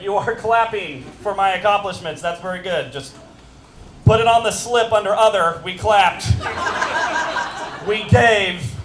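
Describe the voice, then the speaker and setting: A man in his fifties doing a stand-up set at a fundraiser, animated and self-mocking as he teases the audience. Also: high voice. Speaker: stand-up comedian. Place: stage at a fundraiser event. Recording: echoey room with crowd noise. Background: audience laughter.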